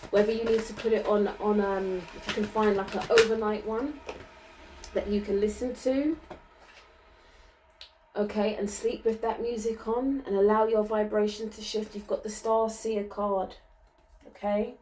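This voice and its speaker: A woman giving a channeled card reading, gentle and reassuring, often ending her sentences with "okay?" and laughing lightly. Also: mid-range voice, level tone, unhurried, distant mic, rough recording. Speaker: spiritual card reader.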